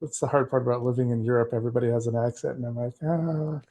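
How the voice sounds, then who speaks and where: A man's voice: mid-range voice, racing. A man from Texas hosting a podcast, chatting casually and acting out the voices in his stories. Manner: animated storyteller who acts out quoted voices. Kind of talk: casual chat.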